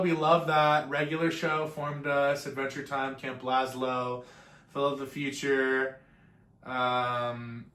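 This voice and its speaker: A man's voice: medium pitch, slow. Rambling, profane young man in an echoey room. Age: 20s. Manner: tangent-prone, profane, animated. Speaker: vlogger. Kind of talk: rambling casual intro.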